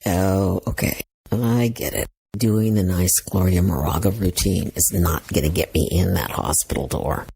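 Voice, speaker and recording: A woman voicing a big, burly, curt male hospital doorman in a gruff, dismissive way while telling her story. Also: extremely low pitch, normal speed, warm tone, pitched below the performer's own voice, exaggerated voice.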